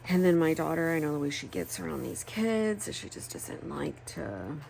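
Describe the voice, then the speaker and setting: A woman's voice: deep voice, lively intonation, moderate pace, creaky, a little mellow, slight background noise. A woman, chatting candidly while crafting, rambling and swearing freely. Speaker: planner crafting vlogger. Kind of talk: casual chat while crafting.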